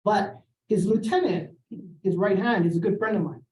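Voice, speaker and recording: A middle-aged man from Hawaii giving a seminar talk, telling a personal story, acting out the dialogue, clearing his throat and adding "right?" as he goes. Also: high-pitched, moderate pace. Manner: animated, acts out quoted dialogue, often clears throat and adds "right?". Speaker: seminar speaker. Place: lecture room. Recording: echoey room, voice far from the mic.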